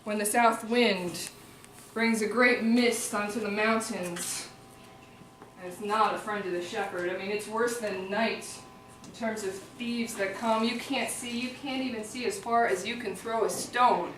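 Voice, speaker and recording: A woman's voice: mid-range voice, unhurried, fairly bright tone, far from the mic, slight background noise. Chicago woman performing an epic in an echoey hall. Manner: casual asides and laughter between recited lines. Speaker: performer-translator. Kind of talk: live storytelling performance of an epic. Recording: echoey hall recorded from afar.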